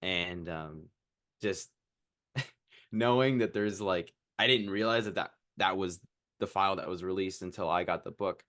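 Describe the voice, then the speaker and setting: A young man in his twenties chats loosely as a podcast guest. His voice sits very low and the room sounds dry and close. He rambles with plenty of fillers and laughs at his own mistakes. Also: a little slow, fairly bright tone, no echo. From Iowa. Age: 20s. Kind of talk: casual interview chat.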